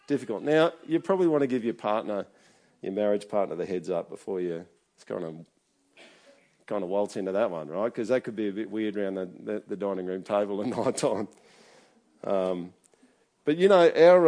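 Here a middle-aged pastor preaches in a warm, fairly low voice. The sermon is conversational and chatty, with frequent check-ins with the congregation.

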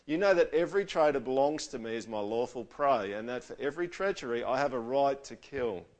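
A man's voice: mid-range voice, animated, a little fast, close to an everyday voice. A man voicing a cold, imperious witch queen in a read-aloud storybook, speaking shrilly and demanding.

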